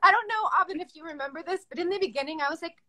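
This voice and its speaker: A woman's voice: extremely high pitch, racing, pushed and bright. A middle-aged actress chatting on a livestream, effusive and gushing, laughing easily as she recalls working with her costar. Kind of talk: casual chat on a livestream.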